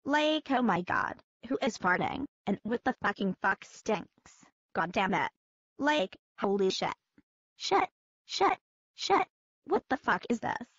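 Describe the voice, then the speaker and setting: A woman's voice: medium pitch, lively intonation, unhurried, breathy edge, dry recording, muffled recording. A woman playing a crude, airheaded young woman with a whiny valley-girl manner. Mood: disgusted.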